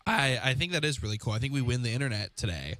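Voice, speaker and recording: A man co-hosting a casual talk show, chatting in a relaxed, agreeable way. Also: medium pitch, quick pace, no echo. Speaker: co-host.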